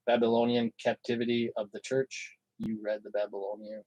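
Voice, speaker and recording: A man's voice: mid-range voice, level tone, fairly quick, a little mellow, no room sound, rough recording. A man co-hosting a casual livestream, reading out viewer questions hesitantly with many fillers.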